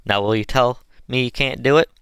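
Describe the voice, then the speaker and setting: A man's voice: medium pitch, fairly quick, fairly bright tone, clean tone, dry recording, voice pushed up, lightly acted. A man voicing a cruel, domineering plantation master who barks harsh commands. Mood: brutal.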